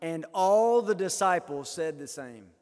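A man preaching a sermon, acting out quoted lines dramatically and swinging from loud to hushed. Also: a little high, animated, measured pace. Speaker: pastor. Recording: hall reverb.

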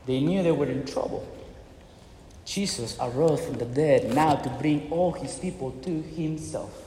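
A man's voice: fairly high pitch, a little slow, dark tone, a little hiss or hum. A man preaching a sermon with impassioned, dramatic storytelling in a church hall. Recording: echoey hall with long reverb.

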